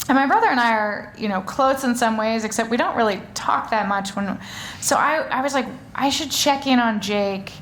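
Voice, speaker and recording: A woman's voice: a little high, a little fast, fairly bright tone. Woman author chatting on stage, lots of ums and restarts, faint hiss behind. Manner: chatty, rambling with many fillers and restarts. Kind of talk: live stage conversation. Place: stage before a live audience.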